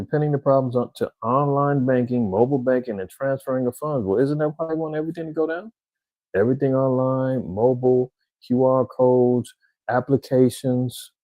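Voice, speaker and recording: A man with a warm, relaxed, dark tone gives a rambling commentary, full of slang and direct asides to his audience. His voice sits close and dry, with no room sound. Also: mid-range voice, dry recording, low-quality recording. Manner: conversational, rambling, slangy, addresses viewers directly. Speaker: vlogger commentator. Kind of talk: casual commentary monologue.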